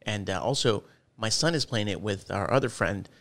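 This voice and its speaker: A man co-hosting a podcast, telling stories in a rambling, animated way. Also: fairly low pitch, normal speed. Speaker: podcast co-host. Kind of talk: casual chat.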